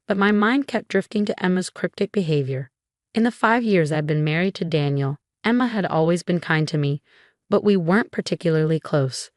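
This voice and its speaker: A woman narrating a first-person story in an even, measured way. Her voice sits on the low side, recorded close and dry with no room sound. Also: no echo.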